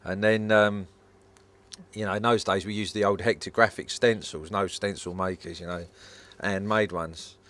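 A man's voice: lowish voice, fairly even intonation, moderate pace, a bit bright. A tattoo artist, a man, telling a wry anecdote in an interview.

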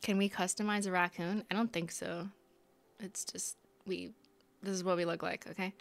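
A woman's voice: fairly low pitch, little pitch movement, moderate pace, gravelly. A young woman chatting casually with her viewers while live-streaming a game, giggly and talkative. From Canada. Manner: chatty, giggly, talks to chat.

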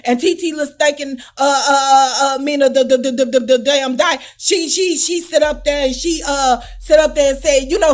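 A woman with a high voice tells a story to her viewers in a loose, animated, profane way. She keeps checking in with her listener as she goes. Soft music plays quietly behind her. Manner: animated, profane, keeps asking "you know what I'm saying?". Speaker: storytime vlogger. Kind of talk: casual storytelling.

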